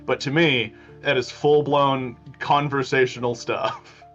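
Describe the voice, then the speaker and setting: A man's voice: medium pitch, steady tone, a little slow, a bit bright, dull audio, faint music behind. Easygoing man laughing often. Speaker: player. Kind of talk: casual chat.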